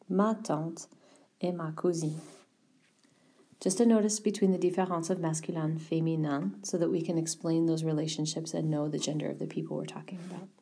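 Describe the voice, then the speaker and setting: A woman teaching a French vocabulary lesson, mixing English explanations with slow, carefully pronounced French words. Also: fairly low pitch, dark tone, slightly rough.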